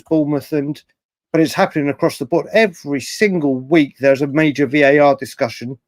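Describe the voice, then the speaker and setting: A man's voice: a little high, no room sound. A man hosting a live fan show, casually reading out viewer comments and answering them, rambling with frequent restarts. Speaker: host of a fan livestream.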